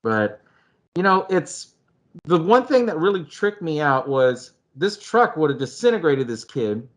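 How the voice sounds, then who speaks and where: Profane, animated man talking movies. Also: fairly high pitch, a little slow. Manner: animated and profane, acts out scenes with loud shouts. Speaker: podcast co-host. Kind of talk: casual movie discussion.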